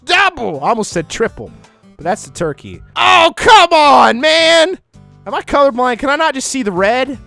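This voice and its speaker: Animated, joking man commenting on gameplay. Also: sits high. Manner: joking and self-mocking, laughs often, sudden excited outbursts. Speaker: gaming YouTuber. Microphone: close microphone.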